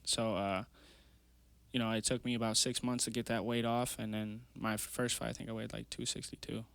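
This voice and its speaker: A young man in his twenties talks as a podcast guest, earnest and rambling, leaning on lots of fillers as he tells his story. His voice sits at an everyday middle pitch. The sound is close and dry, with no room around it. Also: level tone, a little fast, gravelly, fairly bright tone, clear, resonant tone, dry recording. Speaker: guest, amateur MMA fighter. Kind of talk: casual storytelling interview. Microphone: podcast mic.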